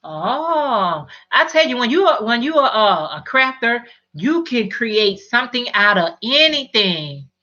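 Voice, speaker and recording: Middle-aged woman, live stream host, chatty, repeats herself, bright voice, dull lo-fi audio. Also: on the high side, big pitch swings, a little slow, hardly any pauses. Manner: chatty, restarts and repeats words often. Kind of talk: casual live chat, reading viewer comments.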